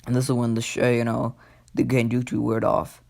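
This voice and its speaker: Man, gravelly voice, medium pitch, rambling casual storytelling, lots of fillers. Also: monotone, darkish tone. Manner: rambling, halting, full of fillers. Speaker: YouTube storyteller. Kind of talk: casual retelling of an anime what-if story.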